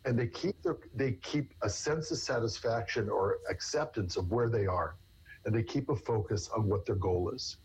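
A man's voice: fairly low pitch, normal speed, darkish tone, slightly rough. A man, a therapist, answering interview questions at length in a rambling way, often restarting with repeated words. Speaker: therapist guest. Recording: dull lo-fi recording.

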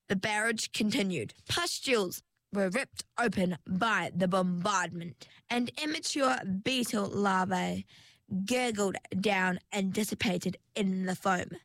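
Woman storyteller, slow measured storybook narration, dry close sound. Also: mid-range voice, dry recording. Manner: measured, expressive reading.

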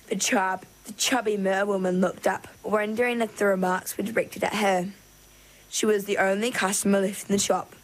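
A woman narrating a children's storybook with an expressive reading manner. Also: mid-range voice, moderate pace, poor audio.

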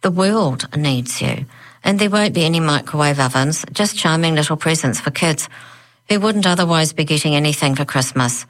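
A woman's voice: low-pitched, normal speed, close to an everyday voice, low-quality recording. A woman voicing an eager, eccentric male professor who pleads and cheers. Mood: pleading. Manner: pleading, jubilant.

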